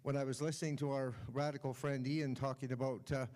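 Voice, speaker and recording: A man's voice: medium pitch, level tone, a little mellow. Man hosting a conference session. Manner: loose, halting remarks to the audience. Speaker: host.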